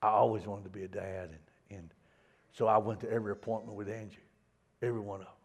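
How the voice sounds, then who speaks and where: A middle-aged man preaching a sermon in a folksy, stammering way, dropping to a hush and then building loud. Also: fairly low pitch, little pitch movement, quick pace, husky. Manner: folksy, repeats words, swings from hushed to loud. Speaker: pastor.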